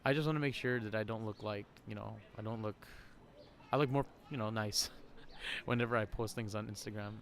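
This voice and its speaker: Hosting a podcast at an outdoor shopping center, a man with a fairly low voice talks a little fast in a casual, rambling vlog-style monologue, laughing often. Faint crowd noise hangs in the background.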